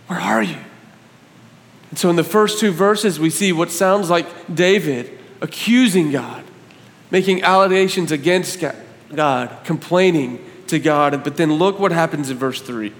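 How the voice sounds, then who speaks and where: A man preaching a sermon, reading scripture aloud with building passion that rises toward near shouts. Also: a little high, moderate pace, long reverb tail. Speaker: pastor.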